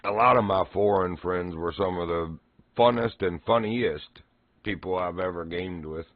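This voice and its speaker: Casting note: deep-voiced male streamer, laughing storyteller, dry dull mic. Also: moderate pace, no echo. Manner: laughs often while telling stories, drawls. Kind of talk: casual storytelling.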